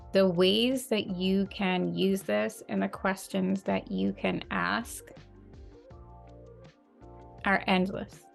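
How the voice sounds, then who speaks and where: Slow, gravelly-voiced woman coach. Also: medium pitch. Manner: earnest, measured, repeats phrases for emphasis. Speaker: manifestation coach. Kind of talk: slow, calm motivational talk.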